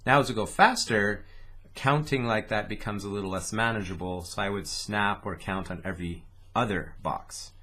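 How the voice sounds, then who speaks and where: A man gives a didgeridoo lesson, patiently walking through a rhythm step by step and voicing its syllables aloud. His voice is fairly low and bright with a forceful tone, at a normal speed.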